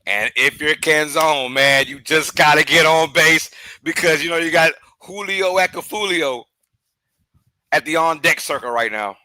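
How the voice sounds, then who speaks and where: A man hosting a live baseball watch-along, giving casual play-by-play commentary that is chatty and excitable, with loud outbursts and laughter. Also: measured pace, dry recording, poor audio. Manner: chatty, drifts into side talk between pitches. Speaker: host of a live game watch-along stream.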